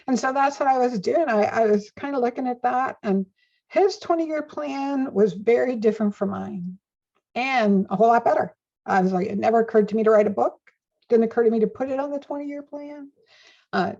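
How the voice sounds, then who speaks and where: An older woman speaking as an interview guest in an animated way, laughing often, heard on a dull lo-fi recording. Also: fairly high pitch, normal speed, vocal fry. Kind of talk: conversational interview.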